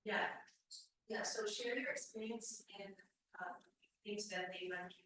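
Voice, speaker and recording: A woman's voice: mid-range voice, fairly even intonation, a little slow, sharp tone. A woman in a youth ministry class sharing ideas hesitantly, with many fillers and restarts. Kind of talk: class discussion. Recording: echoey room, mic far off, faint noise.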